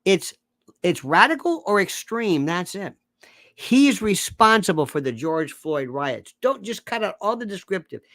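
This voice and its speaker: A man rants sarcastically about politics in a lively, swooping voice that jumps from shouts to low mutters. He sounds close to the microphone in a dry, unechoing space. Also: no room sound. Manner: sarcastic, mocking, puts on quick voices of others. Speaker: political commentator. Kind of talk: animated political rant.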